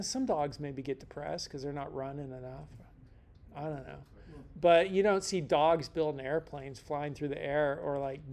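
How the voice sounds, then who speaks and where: A man's voice: a little high, a little mellow. A middle-aged man teaching a casual lecture in a rambling, joking way, full of slangy asides. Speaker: instructor.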